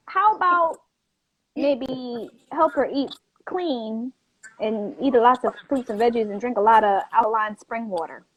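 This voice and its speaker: A woman hosting a casual talk show, chatting in a lively, quick way and laughing easily. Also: on the high side, no room sound, rough recording. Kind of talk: casual chat.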